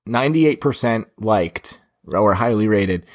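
A man's voice: fairly low pitch, expressive, unhurried. A man hosting a movie podcast in casual chat, with a dry, teasing way of talking. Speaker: podcast host.

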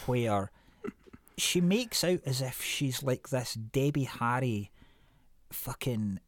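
A man hosting a casual podcast chat, telling rambling, animated stories with plenty of swearing and restarts. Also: mid-range voice, slow pace, dry recording. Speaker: podcast host.

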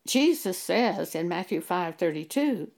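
A woman delivers a preaching monologue, her voice gravelly and rough at the edges. Her pitch swings widely as she presses rhetorical questions and cites scripture with emphasis. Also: lively intonation, a little slow, darkish tone. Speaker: Bible teacher.

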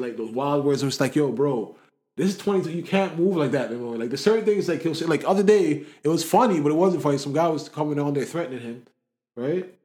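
A young man from the area, telling stories in a slangy, animated way during a casual chat. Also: on the high side. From Toronto area, Canada.

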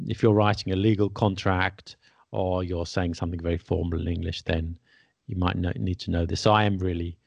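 A man's voice: sits low, steady tone, fairly quick, vocal fry, no echo. A man hosting a casual podcast and patiently explaining English grammar, checking in with his listener. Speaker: English teacher and podcast host.

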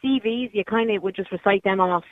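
A woman's voice: medium pitch, brisk, slight background noise. Dublin woman calling into the radio, casual with a few ums, tinny phone line. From Dublin, Ireland. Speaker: caller. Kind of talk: phone-in call.

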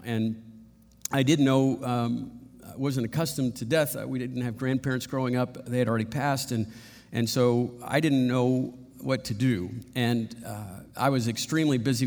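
A middle-aged man preaching in a reverberant church hall, his words carried by a long echo. He speaks in an earnest, halting way, often restarting his sentences. His pitch sits in an ordinary middle range for a man. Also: darkish tone. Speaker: pastor. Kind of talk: sermon.

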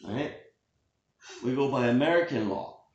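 Casting: man, mid pitch, rambling deadpan storyteller, echoey room. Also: measured pace, dull audio, crowd noise. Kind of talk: joking casual chat.

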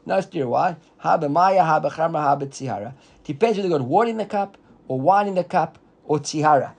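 A man's voice: fairly high pitch, expressive, vocal fry, a little mellow. A man teaching a Talmud class who reads the text aloud, translates it line by line and keeps checking that his listeners follow. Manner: explains quickly, reads the text aloud and translates it, asks students if they follow.

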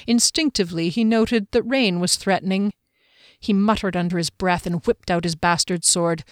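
A woman reading a fantasy novel aloud in a steady storytelling manner. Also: lowish voice, normal speed, no echo, studio quality. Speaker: narrator. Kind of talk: scripted fantasy narration.

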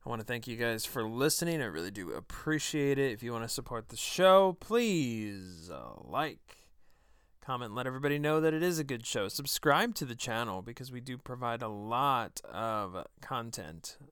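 A man's voice: mid-range voice, lively intonation, normal speed, a bit bright, smooth, no room sound, studio quality. Combative man hosting a political podcast. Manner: combative, sarcastic, emphatic. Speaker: podcast host. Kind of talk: political commentary monologue.

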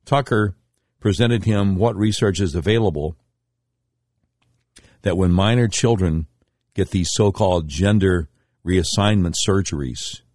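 A man's voice: a little slow, pauses often, no echo, studio quality. Emphatic, indignant male radio talk host. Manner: emphatic, indignant storytelling with sharp pitch swings. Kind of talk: political commentary monologue.

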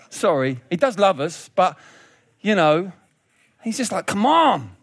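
A man delivers a sermon in a high, bright-sounding voice, joking and laughing as he goes. He often restarts and repeats his words, and the recording is close and dry, with no room sound. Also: huge pitch swings, takes it slowly, breathy edge, no room sound. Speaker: preacher.

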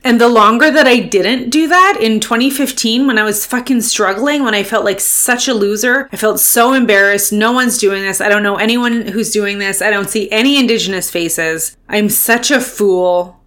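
A woman of middle pitch delivers a solo podcast pep talk, swearing freely and hammering each point home. She speaks as a coach urging listeners to keep showing up. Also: moderate pace, hardly any pauses, a bit bright. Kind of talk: fired-up motivational monologue.

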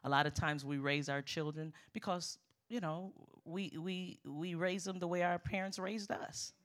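A middle-aged woman preaching a sermon as a guest speaker, lively and emphatic, calling out to the congregation. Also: lowish voice, normal speed.

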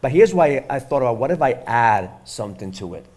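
A man's voice: medium pitch, very animated, fairly quick, darkish tone. A middle-aged man speaking earnestly as a father, rambling with lots of fillers in a casual conversation. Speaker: father and podcast host.

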